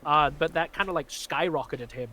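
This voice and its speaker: A man's voice: a little high, normal speed, sharp tone. A man co-hosting a live stream, chatting casually and thoughtfully, wandering through his points with lots of "like" asides. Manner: thoughtful, rambling with many "like" asides. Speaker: magician co-host of a livestream. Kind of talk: casual livestream chat.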